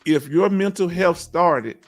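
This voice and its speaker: A middle-aged man from Houston, hosting a casual livestream and warmly encouraging viewers as he reads their comments. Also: high voice, slow pace. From Houston, Texas. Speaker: livestream host. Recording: faint music behind.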